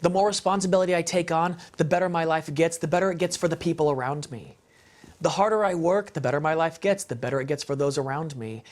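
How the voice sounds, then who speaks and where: A man's voice: a little high, fast talker. A man speaking as an interview guest in an impassioned, emphatic, preacher-like way about faith and family.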